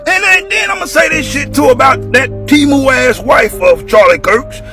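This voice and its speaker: Man, comedic ranter: very high, gravelly voice, shouts and sing-songs through a profane tirade. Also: normal speed, soft background music. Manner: loud, shouting, sing-song delivery. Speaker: commentator.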